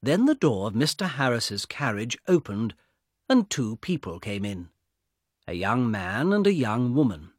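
A man narrates a simple story at a very slow, deliberate pace. His voice is breathy and lively in pitch, recorded dry and close. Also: no echo.

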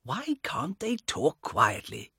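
A man doing a quiet, fussy fifty-year-old. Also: a little high, huge pitch swings, vocal fry, breathy edge, no echo, clean studio sound, voice pushed up, full character voice. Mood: musing. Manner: slow, mildly grumbling inner thoughts. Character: quiet, fussy middle-aged man, fond of trains.

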